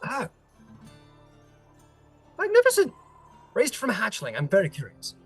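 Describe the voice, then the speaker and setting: A man voicing an excitable male wizard researcher who gushes with fussy exclamations. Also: high voice, quick pace, slightly rough, faint music behind, pitched above the performer's own voice, heavily acted. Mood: thrilled. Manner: gushing, exclamatory, peppers speech with "goodness me".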